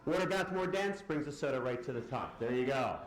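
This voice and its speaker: A man's voice: medium pitch, brisk. A man giving a live physics demonstration lecture, firing questions at the audience and answering them himself. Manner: lively, quizzes the audience and answers his own questions. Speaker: science lecturer. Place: large lecture hall. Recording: echoey lecture hall.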